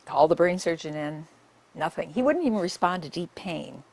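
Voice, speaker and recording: A woman's voice: lowish voice, lively intonation, moderate pace, vocal fry, darkish tone, slight background noise. An older woman, a nurse, giving a public talk and telling her stories in a conversational way with many asides.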